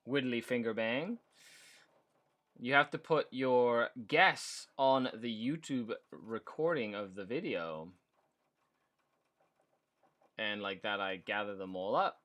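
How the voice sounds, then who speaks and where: A man's voice: mid-range voice, expressive, unhurried, a bit bright, dry recording. A man hosting a casual live hobby stream while painting miniatures, playful and enthusiastic as he chats with viewers at his desk mic.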